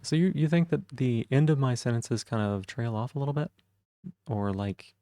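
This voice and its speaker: A man with vocal fry, musing thoughtfully in casual live-stream chat. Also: mid-range voice, expressive, moderate pace, mellow, no room sound, clean studio sound. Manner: thoughtful, musing, self-reflective.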